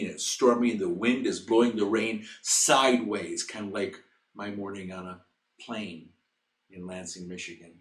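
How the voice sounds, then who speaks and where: Man, chapel speaker, earnest storytelling sermon, roomy echo. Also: lowish voice. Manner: earnest, builds to emphatic loud passages. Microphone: recorded to camera.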